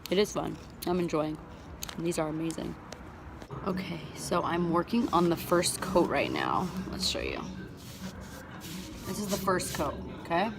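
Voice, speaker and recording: A woman's voice: on the low side, very animated, moderate pace, music in the background. A woman casually chatting to the camera as she fixes up and paints a front door, upbeat and talkative. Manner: chatty and upbeat, talks to camera while working. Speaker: home renovation vlogger. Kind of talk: casual DIY vlog.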